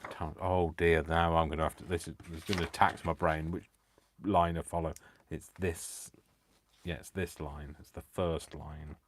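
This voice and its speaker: A man's voice: a bass voice, flat delivery, normal speed, slight background noise. A man hosting a crafting livestream, talking casually in a rambling, self-deprecating way as he works. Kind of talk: casual chat while crafting.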